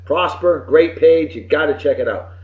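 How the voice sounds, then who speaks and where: A middle-aged man hosting a web show from home, giving casual birthday shout-outs in a boisterous, folksy, wisecracking way with some swearing. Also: on the high side, normal speed. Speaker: show host. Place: home room with computer behind him. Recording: roomy, dull lo-fi webcam audio.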